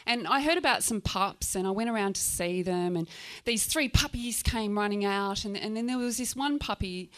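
A woman from Tasmania with an Australian accent, telling a personal story to an audience in a frank, animated way, swearing freely and acting out scenes. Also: medium pitch, moderate pace, hardly any pauses.

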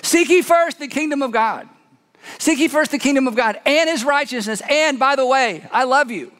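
A man's voice: very high-pitched, moderate pace, fairly bright tone, pitched above the performer's own voice. A man preacher voicing Jesus as an earnest, patient teacher in a sermon. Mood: emphatic. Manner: earnest, explaining, emphatic. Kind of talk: sermon storytelling. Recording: long hall reverb.

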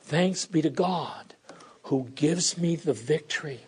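A middle-aged pastor preaching a sermon in an earnest, pleading way. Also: male voice, fairly high pitch, takes it slowly, a little mellow, husky. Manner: earnest, pleading, voices prayers and God's replies.

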